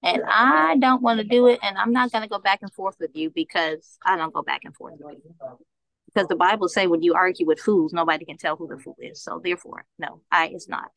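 Low, gravelly woman, blunt. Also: fairly bright tone, no echo, poor audio. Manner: blunt, firm, speaks slowly. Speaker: guest. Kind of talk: casual group discussion.

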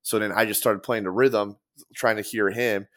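A man's voice: lowish voice, fairly even intonation, moderate pace. A young man chatting as a musician guest, rambling and profane, with lots of fillers. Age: young adult. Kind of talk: casual podcast chat.

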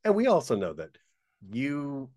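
A man's voice: mid-range voice, a little slow, no echo. Jokey man in dry podcast chat. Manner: animated, jokey, swears casually. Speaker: podcast co-host. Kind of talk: casual chat.

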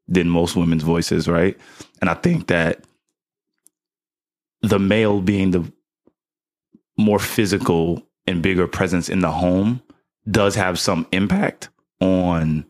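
A man co-hosting a podcast, musing in a casual chat and often tagging thoughts with "right?". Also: low-pitched. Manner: relaxed, musing, with frequent "like" and "right?" tags. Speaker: podcast co-host, father.

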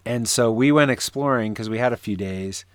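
A man's voice: medium pitch, moderate pace, smooth, no room sound. A man co-hosting a casual podcast, joking and rambling with many restarts. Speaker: podcast co-host. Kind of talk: casual chat.

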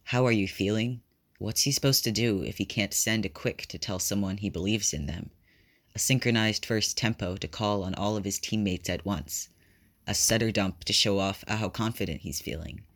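Deep-voiced man reading a story. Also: normal speed, fairly bright tone. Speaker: reader. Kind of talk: reading fan fiction aloud.

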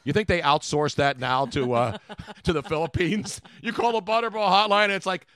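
A middle-aged man hosting a radio show, riffing in casual comedic banter with an animated, rambling delivery. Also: sits high, normal speed, no room sound, studio quality. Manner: animated, joking, rambling riffs.

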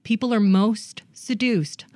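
A woman's voice: mid-range voice, steady tone, slow, a little mellow, dry recording. A woman hosting a comedic dating advice show, coaching a guest in a brash, bossy way. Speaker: host.

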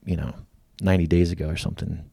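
A middle-aged man, a podcast guest, telling a personal story in a lively way and acting out the lines of the people in it. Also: low voice, quick pace, creaky, breathy edge, no room sound, clean studio sound. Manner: lively storyteller who acts out quoted lines. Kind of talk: storytelling in casual conversation.

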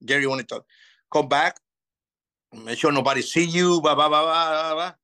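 A man in his fifties, a native Spanish speaker, telling lively stories in a casual interview and acting out old conversations. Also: fairly high pitch, moderate pace, clean tone, rough recording. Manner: animated, acts out past dialogue. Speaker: interview guest.

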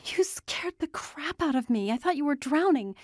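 A woman narrator voicing an anxious young house cleaner who talks high and breathlessly. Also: expressive, fast, warm tone, no echo, clean studio sound. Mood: alarmed.

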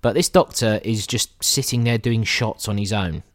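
A man's voice: on the low side, normal speed, dry recording, clean studio sound. A man co-hosting a podcast, chatting casually about films, laughing often and swearing with rambling asides. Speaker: podcast co-host reviewing films. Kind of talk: casual chat.

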